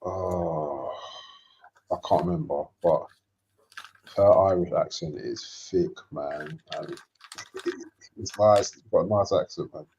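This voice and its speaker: A man's voice: sits low, slow pace, long pauses, warm tone, a little hiss or hum. A man in casual chat, rambling with fillers and slang. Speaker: co-host of a football watchalong. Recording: dull lo-fi sound.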